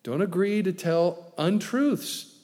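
Guy preaching, folksy and emphatic, voice a bit high, long echo in the hall. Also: animated, slow pace, a little mellow. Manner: folksy storytelling, grows emphatic. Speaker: pastor. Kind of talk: sermon.

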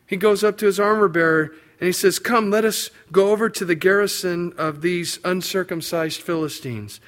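A man preaching a sermon, acting out biblical figures' words with lively, rising emphasis. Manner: animated, acts out biblical quotes with rising pitch and emphasis. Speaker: pastor.

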